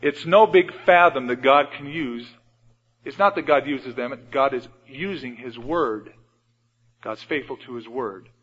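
A man's voice: medium pitch, a little slow, breathy edge. Male pastor preaching, storytelling style, lo-fi radio sound, big church reverb. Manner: storytelling, acts out Bible scenes with shifts in loudness. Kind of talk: sermon. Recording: dull radio broadcast with long hall reverb.

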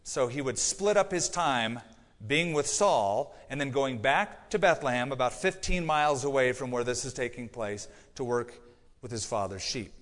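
Middle-aged pastor guy preaching, earnest, goes soft and then punchy, big church echo. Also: mid-range voice, normal speed. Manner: earnest storytelling preacher, shifting between quiet confiding and emphatic lines. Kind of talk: sermon. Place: church sanctuary. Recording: long church hall reverb.

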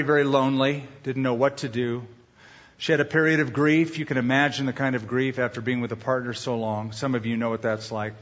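A man's voice: medium pitch, fairly bright tone. A male pastor giving a conversational sermon with humor, repeating his tips for emphasis. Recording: dull echoey hall sound.

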